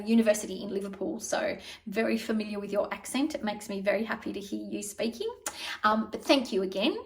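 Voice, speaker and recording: A middle-aged woman vlogs to camera in a mid-range voice, rambling casually and telling stories in a warm, chatty, digressive way. She is recorded from a distance.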